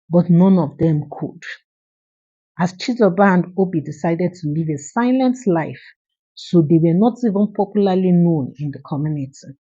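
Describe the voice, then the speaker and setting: A woman narrates a folktale earnestly, closing with a moral. Her voice is low, dark and husky. The recording is dull and lo-fi. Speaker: storyteller.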